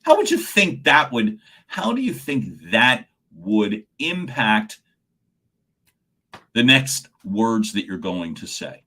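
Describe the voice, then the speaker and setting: A man coaching on a livestream, talking animatedly and answering viewers' comments by name, often repeating words as he gets excited. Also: on the low side, takes it slowly. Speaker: communication coach.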